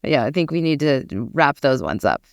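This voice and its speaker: Smooth-voiced woman co-hosting a podcast. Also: sits low, sing-song, moderate pace, no echo. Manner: dry, teasing reactions. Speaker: podcast co-host. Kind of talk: casual chat.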